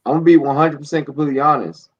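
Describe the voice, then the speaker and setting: A man hosting a casual late-night live stream, drinking and telling rambling, profane, animated stories. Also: on the high side, racing, slightly rough. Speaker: podcast host. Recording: dull lo-fi stream audio.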